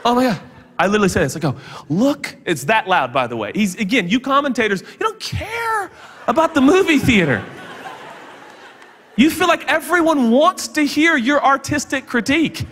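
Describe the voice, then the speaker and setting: A man preaching a sermon in a large church auditorium, with a high, bright voice that swings up and down constantly. He tells stories full of jokes and quick asides, and his words ring out with the long reverb of a big hall. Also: big pitch swings, a little hiss or hum. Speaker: guest pastor.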